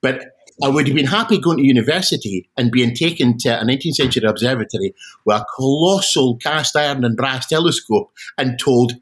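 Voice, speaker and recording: A middle-aged man from Scotland, appearing as a guest auctioneer, tells stories in a casual interview, restarting himself in an animated, self-deprecating way. His voice sits at medium pitch, he talks a little fast, and the recording is low quality.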